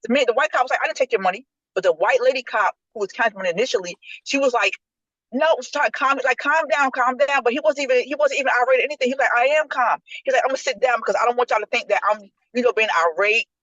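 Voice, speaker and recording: A woman's voice: fairly high pitch, rapid-fire, hardly any pauses, dry recording. A woman co-hosting a podcast, retelling a story in casual group chat and acting out what people said. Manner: animated storyteller acting out quotes. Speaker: podcast co-host. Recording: dull lo-fi dry recording.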